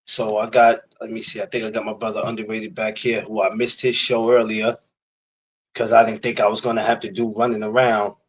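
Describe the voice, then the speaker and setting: A man's voice: lowish voice, little pitch movement, brisk, poor audio. A man hosting a boxing podcast, chatting loosely with his audience in slangy greetings and asides. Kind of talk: casual livestream podcast chat.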